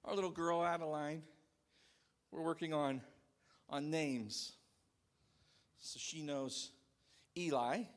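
A man in his thirties preaching a sermon to a congregation in a church, animated and shouting out quoted calls. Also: fairly high pitch, takes it slowly, pauses often. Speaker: pastor.

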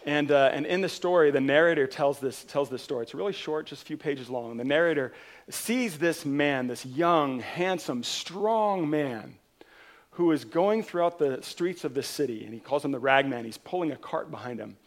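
A man's voice: on the high side, moderate pace. A man preaching a sermon, earnestly retelling a parable as a pastor. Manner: earnest, retelling a parable with rising and falling intensity. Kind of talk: sermon storytelling.

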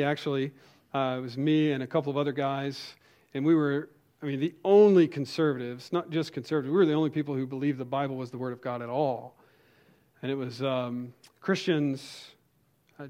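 A man's voice: on the high side, a little mellow. A man preaching a sermon as a pastor, telling a personal story in a conversational way with frequent restarts and asides.

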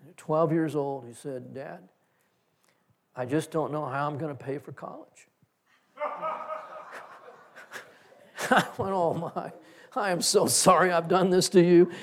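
A middle-aged man preaching a sermon in a conversational, folksy way, with stories and soft, trailing phrase endings. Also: on the high side. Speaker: pastor.

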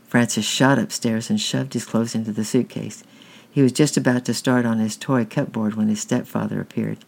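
A man reading a children's novel aloud in a plain, unhurried way, with occasional slips. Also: medium pitch, steady tone, creaky, a little mellow. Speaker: reader.

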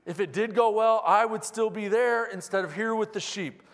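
A man's voice: sits high, moderate pace, fairly bright tone, pitched above the performer's own voice. A man voicing a nervous, self-doubting male fugitive shepherd in a sermon. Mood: anxious. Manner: anxious, hedging, self-doubting. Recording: long reverb of a large hall.

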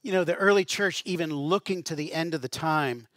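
Middle-aged guy pastor giving a sermon, chatty with little jokes, kinda higher voice, dry close mic. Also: brisk, fairly bright tone, no room sound. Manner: conversational preaching with asides and light humor.

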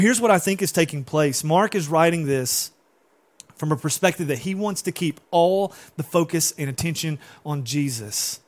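A man preaching a sermon as pastor, animated and often putting questions to his congregation. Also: a little high.

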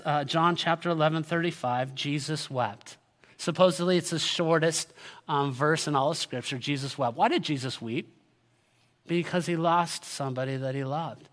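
A man's voice: on the high side, a bit bright. A man giving a sermon as a pastor, earnest and direct, building to emphatic peaks. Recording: long hall reverb.

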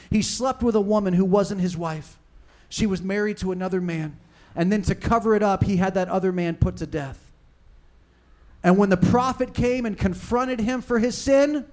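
High-voiced impassioned male preacher. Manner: impassioned preaching, swinging between loud and hushed. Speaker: pastor. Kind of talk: sermon.

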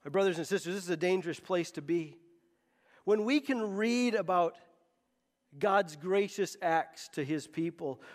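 A man's voice: high voice, in a large hall. A man preaching a sermon as pastor, emphatic and often repeating words as he presses a point.

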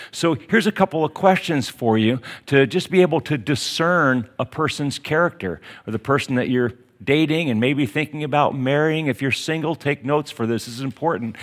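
A middle-aged man preaching a conversational sermon as a pastor. He teaches in a folksy, storytelling way, often pausing to ask "see?" to check that his listeners are following. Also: mid-range voice, a bit bright. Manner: folksy, with frequent tag questions like "see?".

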